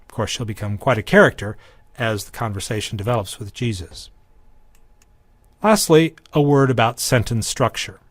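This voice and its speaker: A man of middle pitch delivers a recorded grammar lesson, pausing often with ums and restarting phrases. He slips in dry humor. The sound is close and dry, with no room echo. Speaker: Greek teacher. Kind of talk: recorded lecture.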